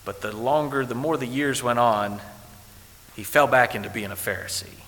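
A male pastor preaching a sermon in a church, quoting old scripture and swinging from hushed passages to loud ones. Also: mid-range voice, moderate pace. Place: church sanctuary. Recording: echoey hall with faint hiss.

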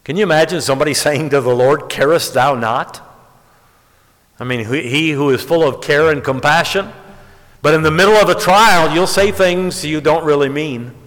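A man preaching a sermon, telling stories and rising to emphatic high peaks. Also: a little fast, fairly bright tone. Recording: long hall reverb.

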